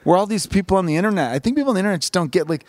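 A man hosting a podcast in loose, casual chat, with a steady mid-range voice. He talks very fast and swears freely, piling up restarts as he rambles through a story. The sound is close and dry, with no room around it. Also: high-pitched, dry recording. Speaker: podcast host.

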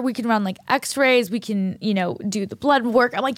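A woman's voice: a little high, normal speed, hardly any pauses, no echo, clean studio sound. A woman in her twenties co-hosting a podcast, telling long stories in a rambling way with constant "like". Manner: rambling, heavy use of "like", storytelling. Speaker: podcast co-host. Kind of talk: casual chat.

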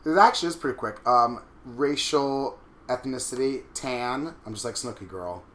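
A man's voice: mid-range voice, moderate pace, bright, forceful tone, roomy sound, slight background noise. Campy Long Island man in his thirties. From Long Island, New York. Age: 30s. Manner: crude, playful, campy wisecracks. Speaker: host signing up for a website. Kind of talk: casual joking chat.

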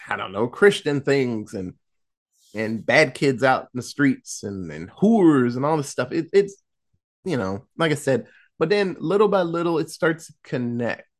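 A man casually recapping a horror film in a podcast chat, acting out the characters' lines with laughs and profanity. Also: medium pitch. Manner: animated storytelling, acting out quotes, laughing, profane.

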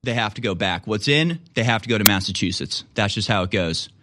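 A man's voice: on the low side, expressive, fairly quick, background noise. A man hosting a political commentary show, talking in a sarcastic, incredulous way with frequent laughs.

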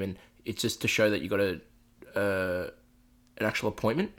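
A man's voice: fairly low pitch, fairly even intonation, normal speed. A man co-hosting a casual podcast chat, swearing freely and telling anecdotes with quoted voices. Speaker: podcast co-host.

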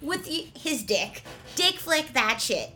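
A woman's voice: high voice, sing-song, slow pace, pushed and bright, a little hiss or hum. A woman co-hosting a casual podcast chat, playful and teasing, laughing often. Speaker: podcast co-host.

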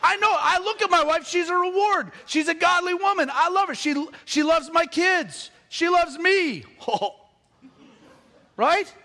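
A middle-aged man preaching a sermon, animated and joking with the congregation. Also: extremely high pitch, measured pace. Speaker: pastor.

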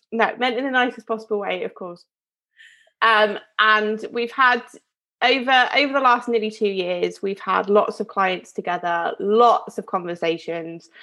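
A woman from Devon co-hosts a relaxed podcast chat. She tells stories with plenty of ums, little restarts and self-corrections. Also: mid-range voice. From Devon, England. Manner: chatty storyteller with many fillers and restarts. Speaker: podcast co-host. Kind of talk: casual chat.

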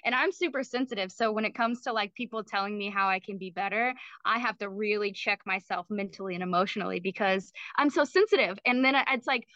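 A woman's voice: mid-range voice, fast, hardly any pauses, bright, forceful tone, no room sound, muffled recording. A woman guest on a podcast, speaking earnestly and openly and laughing easily. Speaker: podcast guest, small business owner. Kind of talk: casual interview chat.

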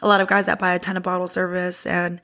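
A woman podcast host telling a personal story in a casual, candid, heavily profane way, animated and lively. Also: on the low side, fast.

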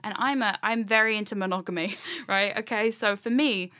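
A woman's voice: mid-range voice, sharp tone. Young aussie woman telling a story on a podcast, chatty and rambly. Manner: chatty, rambling, quick asides with laughs. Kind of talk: casual chat, personal story.

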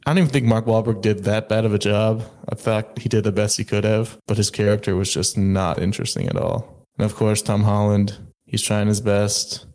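A man co-hosting a casual movie review, blunt and critical. His voice is low-pitched and flat, with little rise or fall. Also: brisk. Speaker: podcast co-host.

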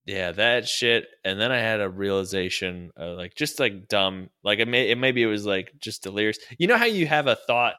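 Bright-voiced young man telling stories. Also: fairly low pitch, moderate pace, few pauses, smooth. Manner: animated storyteller, swears freely, mimics people he quotes. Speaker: guest telling a story. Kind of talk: casual podcast chat.

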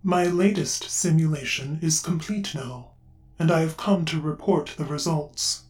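A woman voicing a polite, formal dragon that is really a quantum computer, speaking in a resonant, calming voice. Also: low-pitched, unhurried, pitched below the performer's own voice. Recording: roomy echo, distant mic, faint music.

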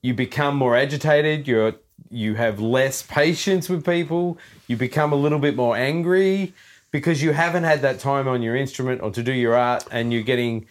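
A man's voice: medium pitch, normal speed. A man co-hosting a casual podcast, earnestly asking fellow musicians a question. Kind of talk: casual chat.

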